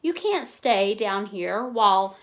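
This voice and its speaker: A woman reading the lines of a kind farm father who speaks in a slow, calming voice. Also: medium pitch.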